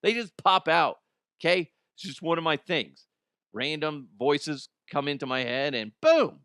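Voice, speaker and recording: A man's voice: on the high side, expressive, unhurried, a bit bright, dry recording, studio quality. A man hosting a comedy podcast, reading listener mail in a crude, irreverent way, often laughing. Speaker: podcast host.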